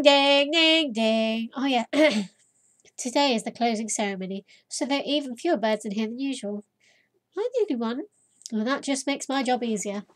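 High-voiced, giddy female gamer. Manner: loud, giddy outbursts and sarcastic asides. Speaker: let's play host. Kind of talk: casual gameplay commentary. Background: faint game music.

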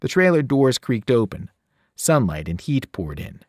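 A man, a teacher, reading a novel aloud with expressive storytelling. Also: mid-range voice, a little slow, no echo, clean studio sound.

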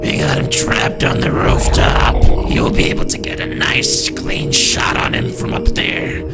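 An actor voicing a menacing male villain in a game, who speaks in a slow, gravelly, whispery threat. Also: deep voice, huge pitch swings, heavily acted. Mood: commanding. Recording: loud game music behind.

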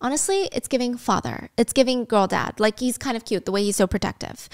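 A woman casually recapping a drama on a podcast, acting out the lines with lively, swearing commentary. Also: on the high side, a little fast, hardly any pauses.

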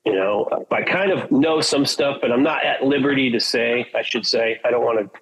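A man's voice: mid-range voice, normal speed, breathy edge, low-quality recording. A man, a metal singer from Portland, Oregon, telling rambling, profane anecdotes in a casual chat and acting out what others said. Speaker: guest, metal band singer.

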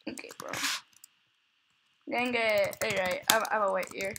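A woman's voice: medium pitch, steady tone, measured pace, pauses often, fairly bright tone. A woman chatting casually while playing and recording an online game, giggling often and exclaiming when surprised. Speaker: gamer recording gameplay.

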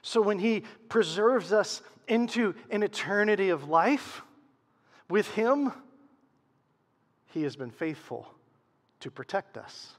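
A man preaching a sermon as pastor, swinging from loud emphasis to hushed, quiet lows. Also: expressive, slow, long pauses, in a large hall.

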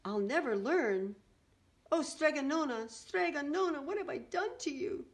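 A woman's voice: medium pitch, lively intonation, moderate pace, natural voice. A woman voicing a clumsy young man disguised as a girl, talking in a whiny, pleading, sobbing way in a read-aloud storybook. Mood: wailing.

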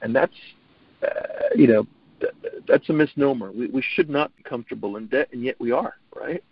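A middle-aged man with a gravelly, husky voice, speaking earnestly and often stumbling over his opening words. The sound is dry and dull, like lo-fi audio. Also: medium pitch, normal speed, no room sound. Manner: earnest, repeats words when starting sentences. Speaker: guest. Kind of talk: casual interview talk.

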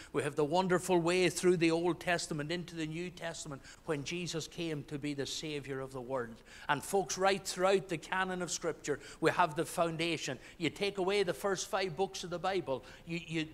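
A man's voice: fairly high pitch, a bit bright. A man preaching a sermon as pastor, earnest, with restarts and swells of emphasis. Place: church. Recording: church hall with long reverb.

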